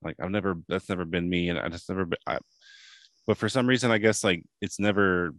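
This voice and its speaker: A man's voice: deep voice, fairly even intonation, fairly bright tone, dry recording. A man in his late thirties telling a story in casual podcast chat. He rambles, halts and swears as he talks. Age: late 30s. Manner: rambling, halting, profane storytelling.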